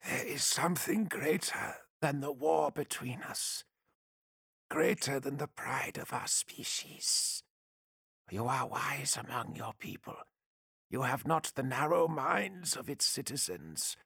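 A man voicing a frail alien diplomat who speaks in a dry, hoarse whisper. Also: mid-range voice, animated, slow, fairly bright tone, no room sound, pitched above the performer's own voice, heavily acted. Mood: pleading whisper. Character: frail hissing alien diplomat, desperate and pleading.

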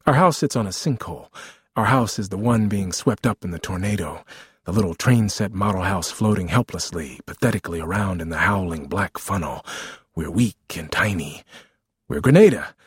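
A man's voice: low voice, lively intonation, moderate pace, breathy edge, no room sound, clean studio sound. A man reading a memoir aloud as narrator, with a wry, vivid storytelling manner.

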